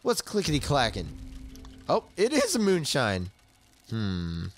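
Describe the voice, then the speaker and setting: A man's voice: medium pitch, wildly swooping pitch, a little slow, faint music behind. A young man in his twenties narrating his own gameplay casually, easily startled and prone to yelps and shrieks. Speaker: let's play gamer.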